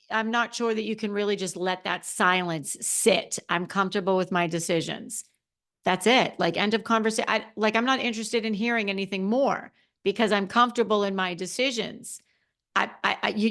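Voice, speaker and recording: A woman hosting a solo podcast as a confidence coach, talking emphatically with lots of repeated phrases and restarts. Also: medium pitch. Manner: self-described extrovert, expressive.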